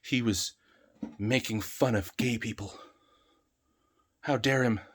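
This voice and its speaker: A man's voice: mid-range voice, steady tone, takes it slowly, breathy edge. A man voicing a whiny, outraged online commenter in a mocking tone. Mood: mock outrage.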